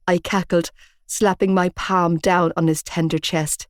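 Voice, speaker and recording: A woman narrating a romance audiobook in first person, measured and expressive. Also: fairly low pitch, dry recording, clean studio sound.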